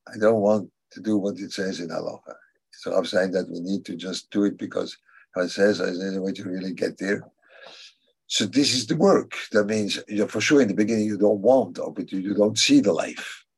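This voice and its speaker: A husky, fairly low-voiced man gives a religious class. He answers students' questions thoughtfully and haltingly, coming back to key phrases again and again to press them home. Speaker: religious teacher.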